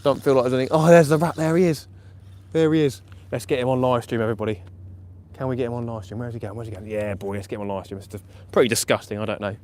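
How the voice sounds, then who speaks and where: A man commenting live on his night fishing session, chatty and excitable, laughing often, outdoors by the water. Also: on the low side, very fast. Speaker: fishing vlogger. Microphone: camera or phone mic on a live stream.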